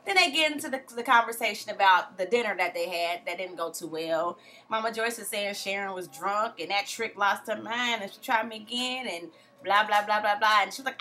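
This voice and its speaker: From home, a female TV recap vlogger chats casually about a reality show, packing her talk with slang and acting out quotes. Her voice is on the high side, expressive and sharp, at a moderate pace.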